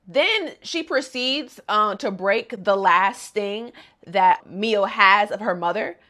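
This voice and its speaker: A woman casually recapping a cartoon episode, animated and slangy, who reacts loudly to the story. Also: a little high, slow pace. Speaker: video host.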